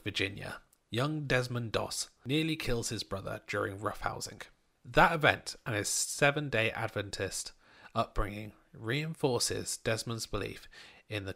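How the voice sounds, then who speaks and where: A man's voice: lowish voice, creaky, bright, forceful tone. A man co-hosting a film podcast, cheeky and opinionated, sometimes reading out the plot. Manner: cheeky and opinionated, reads plot summaries aloud. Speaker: podcast co-host. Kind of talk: casual film discussion.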